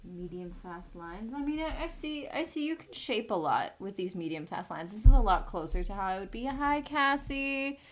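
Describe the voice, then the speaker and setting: A woman in her late twenties chatting casually and rambling as she draws on a live stream, swearing freely. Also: a little high. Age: late 20s. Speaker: art streamer. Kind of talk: casual chat while drawing.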